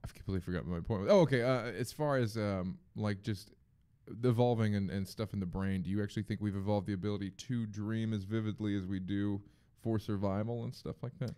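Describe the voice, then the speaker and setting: A man's voice: on the low side, fairly even intonation, fairly quick, mellow, clear, resonant tone. A man who is a comedian guest on a podcast, telling rambling stories with lots of swearing. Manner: profane, rambling storyteller. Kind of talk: casual chat.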